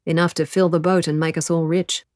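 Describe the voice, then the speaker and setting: A woman's voice: low-pitched, level tone, brisk, darkish tone, dry recording, studio quality, close to an everyday voice. A woman voicing an eager, persuasive male fisherman.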